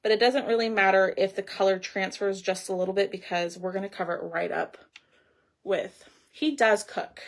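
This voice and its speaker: A woman's voice: mid-range voice, fairly even intonation, normal speed. A middle-aged woman, hosting a casual craft livestream and chatting with viewers as she works. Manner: chatty, reads viewer comments aloud while crafting.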